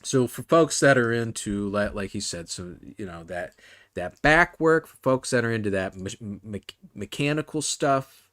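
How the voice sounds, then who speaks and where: A man's voice: on the low side, animated, moderate pace, fairly bright tone, no echo, studio quality. A man hosting a casual comedy podcast, rambling through fillers and restarts and laughing often. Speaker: podcast host.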